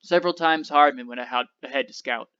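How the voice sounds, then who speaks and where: A male teacher reads a novel aloud to his class in a steady, expressive way, on a slightly dull recording. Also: mid-range voice, quick pace, smooth.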